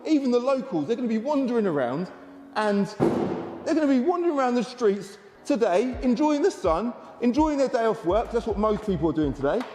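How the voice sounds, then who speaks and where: A man, a car dealer chatting excitedly to camera in a casual walkaround vlog. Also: extremely high pitch, fairly quick, in a large hall.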